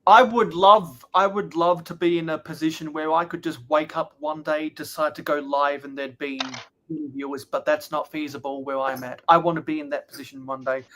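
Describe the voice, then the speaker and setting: A man's voice: a little high, little pitch movement, a little fast, hardly any pauses, a bit bright, a little hiss or hum. A young man hosting a livestream, answering chat questions in a casual, chatty way. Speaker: livestream host.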